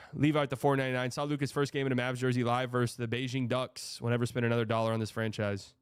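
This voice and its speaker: Young man, livestream host, rambling casual chat, exasperated, profane, crisp tone, dry sound. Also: mid-range voice, level tone, fast talker, no room sound. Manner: exasperated, rambling, swearing, reads donor messages aloud. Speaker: livestream host reading donations.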